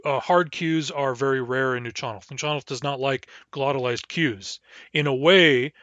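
A man teaching a language lesson, explaining the grammar patiently and step by step and slowing down to sound out each word. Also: mid-range voice, fairly bright tone, no echo, lo-fi sound. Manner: patient, explains step by step, slows down to model words.

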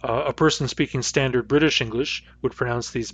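Talking fast with hardly any pauses, a male linguistics lecturer with a West Coast North American accent patiently explains sounds and says them aloud. His husky medium-pitched voice stays steady. The recorded lecture sounds dull and dry, without echo.

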